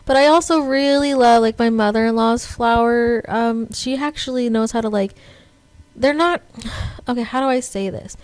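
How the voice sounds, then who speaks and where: This young woman, co-hosting a podcast, has a smooth voice on the high side and talks at a moderate pace with no echo. Her casual chat rambles along with many fillers and restarts.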